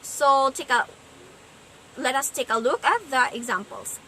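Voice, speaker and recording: Woman student presenter, bright lively voice, unhurried explanatory delivery. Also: high voice, slight background noise, poor audio. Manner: slow, explanatory, sounds out stress patterns. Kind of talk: class presentation on poetry.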